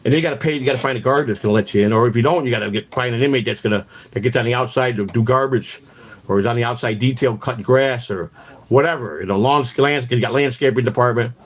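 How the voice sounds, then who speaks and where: A man's voice: medium pitch, fast talker. A middle-aged man hosting a live stream, chatting in a loose, profane and rambling way. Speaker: channel host. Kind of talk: casual live-stream chat.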